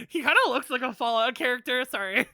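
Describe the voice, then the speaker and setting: A woman streamer giving animated, sarcastic commentary on a game and laughing often. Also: high-pitched.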